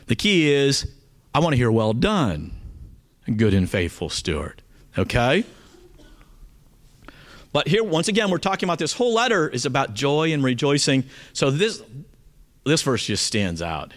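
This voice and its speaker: Lively, earnest male Bible teacher. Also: fairly high pitch, moderate pace, pauses often. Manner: earnest, emphatic, often checks in with "okay?".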